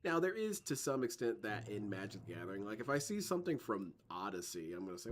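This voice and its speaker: Man rambling through gameplay commentary, lively pitch. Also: fast, few pauses, slight background noise. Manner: rambling, joking tangents. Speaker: let's play host. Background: game music.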